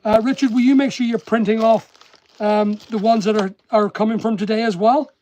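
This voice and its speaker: Chatty high-voiced man with Northern Irish lilt. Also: steady tone, brisk, darkish tone. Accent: Northern Irish-English mix. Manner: chatty, teasing, talks to viewers while working. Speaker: online seller and channel host. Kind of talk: casual live-stream chat while packing. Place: packing workspace with staff nearby.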